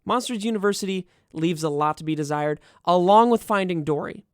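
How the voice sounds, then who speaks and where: A man's voice: sits high, fairly quick, smooth, dry recording, studio quality. A young man streaming and chatting casually, sarcastic and profane as he riffs on what he reads. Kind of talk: casual livestream commentary.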